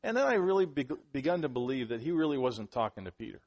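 A male pastor preaching a sermon in a conversational way, who restarts sentences, makes asides to the congregation and grows louder and higher on the points he stresses. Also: very animated, fast talker.

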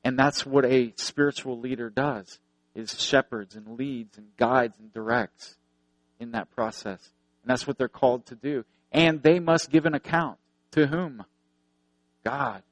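An earnest male preacher delivering a sermon, leaning on repeated phrases to drive points home and slipping into storytelling. His voice sits at an ordinary middle pitch and sounds dry and close, with no room echo. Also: measured pace. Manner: earnest, repeats phrases for emphasis, tells anecdotes.

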